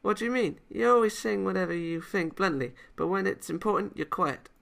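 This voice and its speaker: A man's voice: high-pitched, fairly quick, creaky, a bit bright, pitched above the performer's own voice, heavily acted. A man voicing a blunt, boyish young female karate fighter who scolds and gets flustered. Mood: flustered, scolding. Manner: scolding, flustered, calls people idiot.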